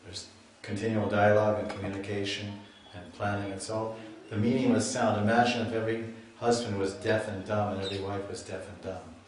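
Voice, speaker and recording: A man's voice: lowish voice, little pitch movement, fairly quick, few pauses, slight background noise. A man giving a scripture lecture as a swami, chatty and storytelling, often restarting his sentences. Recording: echoey hall, mic at a distance.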